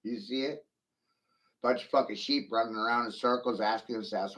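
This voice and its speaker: A man's voice: mid-range voice, normal speed, fairly bright tone, poor audio. A middle-aged man in a profane, taunting rant, swearing aggressively at his critics.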